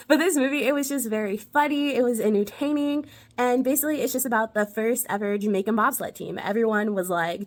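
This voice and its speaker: A cheerful young woman talks straight to camera about a favorite film from her childhood. She is bubbly and enthusiastic and laughs easily. Her voice sits at a middling pitch. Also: fairly quick. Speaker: movie review host. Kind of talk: casual movie review vlog.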